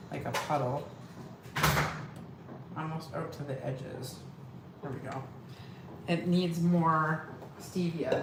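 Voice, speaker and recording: A woman hosting a casual live cooking demo from her home kitchen, chatty and scattered, talking straight to her viewers. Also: sits low. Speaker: weight-loss coach hosting a live cooking stream. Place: home kitchen with pets and family about. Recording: echoey room with clear background noise.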